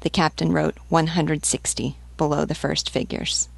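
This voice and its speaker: A woman narrating an audiobook in a steady, unhurried way. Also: deep voice, creaky, husky, no echo.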